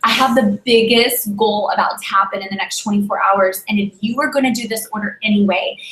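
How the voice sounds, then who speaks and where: A woman giving a motivational talk to her sales team, telling a story animatedly and acting out the dialogue. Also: mid-range voice. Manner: animated, acts out dialogue, exhorting. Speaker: direct sales leader. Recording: roomy echo.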